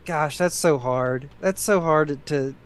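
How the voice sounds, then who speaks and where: A man putting on an exaggerated Southern accent, talking in a halting, hesitant way. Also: fairly high pitch, clean tone, pitched below the performer's own voice. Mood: hammy.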